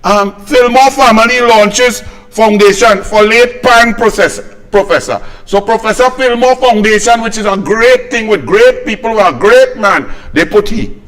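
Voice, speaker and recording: A man's voice: high-pitched, normal speed, fairly bright tone, rough recording. A middle-aged man with a Trinidadian accent, hosting fiery political commentary in an indignant, mocking, rhetorical way.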